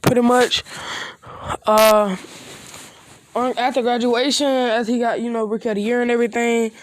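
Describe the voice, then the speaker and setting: A woman's voice: on the high side, level tone, normal speed, no echo. Rambling woman telling a fan story. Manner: rambling, loose grammar, slangy asides.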